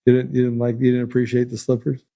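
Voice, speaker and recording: A man's voice: medium pitch, completely flat delivery, fast, creaky, warm tone. A man hosting a podcast, commenting in a blunt, heated, sarcastic way. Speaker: podcast host. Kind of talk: casual commentary.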